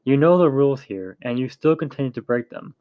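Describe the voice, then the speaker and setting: A man's voice: medium pitch, expressive, a little fast, no room sound, lo-fi sound, close to an everyday voice. Man voicing a grave, lecturing uncle. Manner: serious, lecturing.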